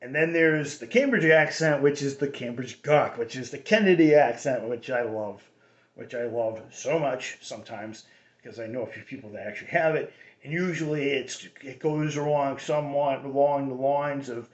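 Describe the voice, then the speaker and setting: A man's voice: mid-range voice, normal speed. Guy rambling on his own little radio show, lots of restarts, echoey room, kinda dull lo-fi sound. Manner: rambling, many restarts and fillers. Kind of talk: casual rambling monologue. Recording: roomy dull lo-fi recording.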